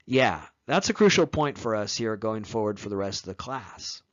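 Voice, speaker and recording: A man's voice: on the low side, very animated, normal speed, muffled recording. A man giving a recorded history lecture in a conversational way, with rhetorical asides and emphatic rises.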